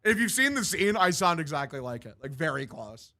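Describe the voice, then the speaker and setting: A man's voice: on the high side, sing-song, a little fast, pushed and bright. A young man hosting a livestream, giving loose, joking play-by-play of a baseball game and swearing freely. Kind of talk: casual live-stream commentary.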